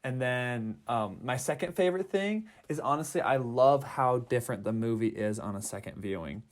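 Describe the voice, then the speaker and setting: A man's voice: mid-range voice, moderate pace. Rambling man reviewing a horror film. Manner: rambling, filler-heavy, mild euphemisms. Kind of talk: casual movie review chat.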